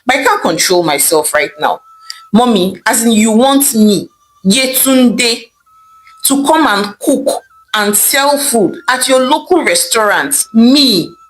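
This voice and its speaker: A woman's voice: a little high, animated, slow pace, slight background noise, low-quality recording. A woman voicing a scornful young lawyer daughter, who mocks and dismisses what she hears. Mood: mocking. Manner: mocking, dismissive, laughing.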